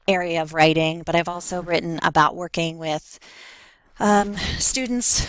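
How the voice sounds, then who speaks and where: A woman with a somewhat low voice records a self-introduction for a graduate class. She talks hesitantly, trips over her words and fills pauses with "um.". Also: fairly bright tone, rough recording. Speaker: faculty member taking a graduate class.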